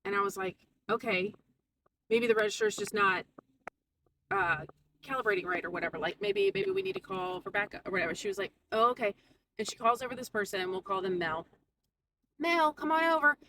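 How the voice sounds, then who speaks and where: A woman vlogging a casual storytime, animated and quoting people in put-on voices. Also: mid-range voice, fast, distant mic, background noise.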